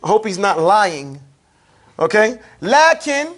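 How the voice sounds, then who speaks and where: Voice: mid-range voice, very animated. A grammar teacher in a casual classroom lesson who keeps asking students questions and checking that they follow. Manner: drawls out terms slowly to drill them.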